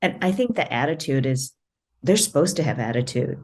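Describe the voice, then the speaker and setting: Woman, very low voice, relaxed, reflective, casual panel talk. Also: a little fast. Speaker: parent on a discussion panel. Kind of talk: casual discussion.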